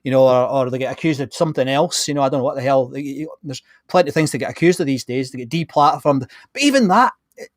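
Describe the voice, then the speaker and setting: A man's voice: medium pitch, fast talker, few pauses, dry recording, studio quality. A man hosting a podcast, talking bluntly and with energy in casual conversation, often restarting his sentences. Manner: animated, blunt, many restarts. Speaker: podcast host.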